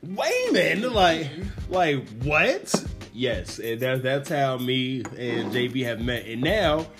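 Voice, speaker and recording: A young man hosting a podcast in casual chat, telling stories animatedly and acting out quotes in a profane, lively way. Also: slow, music in the background. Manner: acts out quotes with big pitch jumps, profane. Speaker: podcast host.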